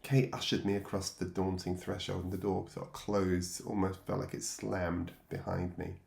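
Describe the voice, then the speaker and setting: A man's voice: low-pitched, level tone, moderate pace, vocal fry, darkish tone, echoey room. An English man, middle-aged, telling his own life story in a reflective, wry way and chuckling at himself. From England. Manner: reflective, wry, laughs at himself, acts out voices from memory. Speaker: memoir narrator. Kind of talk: personal storytelling.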